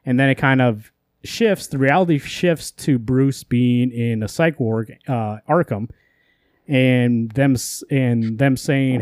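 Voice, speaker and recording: A man's voice: medium pitch, darkish tone, dry recording, clean studio sound. A man co-hosting a podcast, retelling a comic story in loose casual chat and swearing offhandedly. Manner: rambling, quotes characters in quick asides, curses casually. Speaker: podcast co-host.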